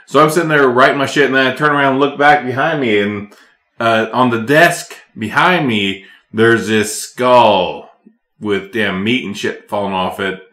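A man hosting a podcast, telling animated, profane anecdotes in casual chat. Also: medium pitch, normal speed, reverberant. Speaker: podcast host.

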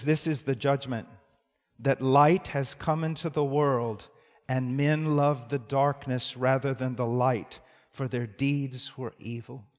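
A man in his sixties preaching a sermon, moving between forceful emphasis and hushed tones and repeating his key phrases. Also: medium pitch. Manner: dramatic swings from loud emphasis to hushed tones. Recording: long hall reverb.

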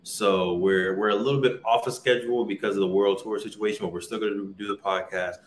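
A man's voice: fairly low pitch, steady tone, fairly quick, echoey room, a little hiss or hum. A man hosting a casual podcast, talking with an upbeat, hype-man delivery and leaning on repeated catchphrases. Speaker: podcast host. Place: vacation lodging abroad, indoors.

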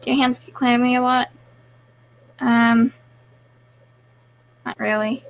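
A woman's voice: a little high, flat delivery, slow pace. A woman live streaming in casual chat, reading out viewer comments and answering them in an offhand, mumbling way, with a crackly voice.

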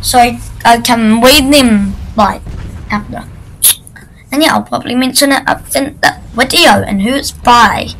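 High, bright-voiced woman gaming. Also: measured pace, rough recording. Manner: chatty, jokey, shrieks at game events. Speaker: gaming video creator. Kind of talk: casual gaming commentary. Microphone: computer microphone.

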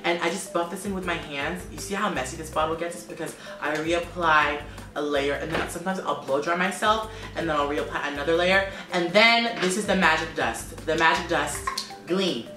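A man with a slightly high voice speaks at a normal pace as a makeup vlogger, chatting casually about his makeup favorites. He gushes and repeats words for emphasis. The audio is off-mic and distant, with a roomy echo and music behind him.

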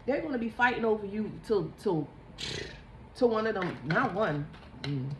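A woman's voice: medium pitch, lively intonation, normal speed, distant mic. Emphatic woman tarot reader, echoey room. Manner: emphatic, preachy, frank, swears. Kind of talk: casual spoken tarot reading. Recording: echoey room, voice off-mic, faint hiss.

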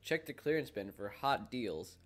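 A man's voice: mid-range voice, lively intonation, unhurried, fairly bright tone. A young man hosting a let's play, reading a dating game's text aloud in a casual way and laughing often. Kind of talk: casual gameplay commentary.

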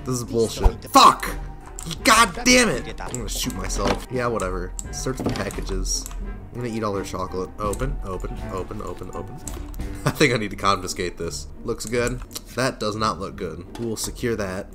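A man giving casual gameplay commentary, swearing constantly, laughing a lot and breaking into sudden yelled outbursts. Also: lowish voice, normal speed. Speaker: gaming video creator. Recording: game music playing under voice.

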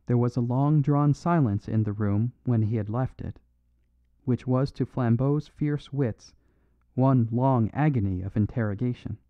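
Slow male audiobook narrator, phone-like sound. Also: medium pitch, no echo. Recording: dry phone-like narrow sound.

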